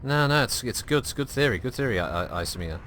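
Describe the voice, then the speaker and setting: A man's voice: medium pitch, animated, fast, a bit bright, slight background noise. A man chatting and joking while streaming a game, with a lot of swearing. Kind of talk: live gameplay chat.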